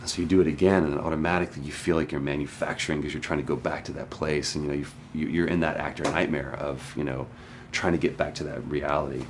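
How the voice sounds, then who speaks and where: A man's voice: rumbling low, fairly even intonation, fast, few pauses, a little hiss or hum. A male actor being interviewed, telling a story about a hard scene in an earnest, frank and wry way. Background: music.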